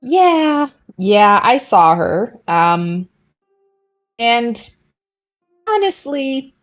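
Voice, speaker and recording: A woman playing a tired, wry mother adventurer who talks in an apologetic, unhurried way. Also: a little high, big pitch swings, highs cut off, faint music behind, voice pushed up, heavily acted. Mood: weary. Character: weary mother adventurer, Mara.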